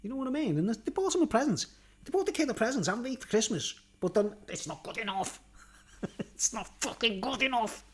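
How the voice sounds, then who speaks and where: A man's voice: extremely high pitch, very animated, a little fast, a bit bright, slight background noise. Rambling sweary man. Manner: rambling, keeps tagging "right?" and "you know what I mean?"; blunt and sweary, with frequent chuckles. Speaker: vlogger. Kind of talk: rambling monologue.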